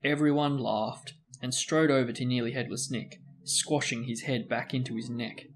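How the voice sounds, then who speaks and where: A man reads a novel aloud in steady narration. His voice sits at an ordinary mid pitch. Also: moderate pace, faint music behind. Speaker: book reader. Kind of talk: storybook reading aloud.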